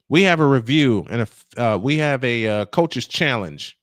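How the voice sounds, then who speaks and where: A man's voice: mid-range voice, animated, normal speed, no room sound. A male play-by-play announcer calling a basketball game in a chatty style, full of rambling, self-deprecating asides.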